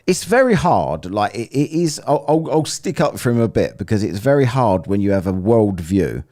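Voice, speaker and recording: A man's voice: fairly low pitch, big pitch swings, normal speed, mellow. An English man commenting casually on a live stream, chatty and rambling, joking and laughing as he reads the chat. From England. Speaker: streamer reviewing a debate and reading chat.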